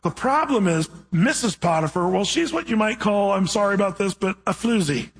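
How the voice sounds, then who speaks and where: A man preaching a sermon, reading scripture and then retelling the story with animated, playful asides. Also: high-pitched, normal speed, low-quality recording.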